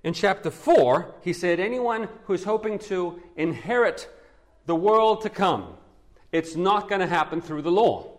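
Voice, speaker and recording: Lively man preaching a teaching sermon. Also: sits high, unhurried. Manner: lively teaching with rhetorical questions. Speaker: pastor. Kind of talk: expository sermon.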